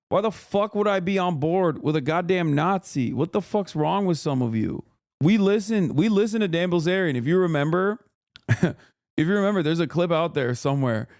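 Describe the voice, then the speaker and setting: A man's voice: a little high, a little mellow, dry recording, studio quality. A man streaming and reacting to clips in a heated, profane rant, laughing now and then between points. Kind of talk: casual reaction commentary.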